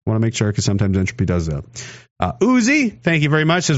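A man's voice: medium pitch, huge pitch swings, quick pace, muffled recording. A man from Canada, rambling sarcastically and cursing while he talks on a livestream and answers chat. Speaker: streamer reading chat. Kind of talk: casual livestream commentary.

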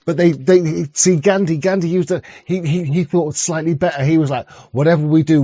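Husky man, crude and sarcastic. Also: a little high, warm tone, dry recording, muffled recording. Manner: crude, sarcastic, rambling with many restarts. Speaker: streamer reacting to a clip. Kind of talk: rambling reaction commentary.

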